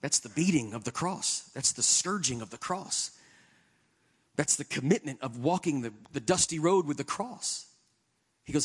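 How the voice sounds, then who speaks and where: A man preaching a sermon in an earnest, conversational way, shifting between quiet reflection and emphatic stretches. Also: on the high side, lively intonation, normal speed, slightly rough.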